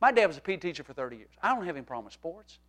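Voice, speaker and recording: A middle-aged male pastor preaching a humorous, animated sermon to his congregation, moving from quiet talk to shouting. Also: fairly high pitch, very fast. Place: church sanctuary.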